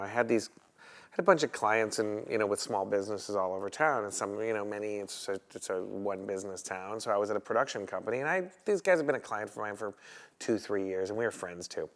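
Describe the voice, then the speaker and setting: A man's voice: fairly low pitch, fast. A man from Chicago, a photographer guest, telling anecdotes in a casual interview and acting out the other people in them. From Chicago, USA. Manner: animated storyteller who acts out other people's lines.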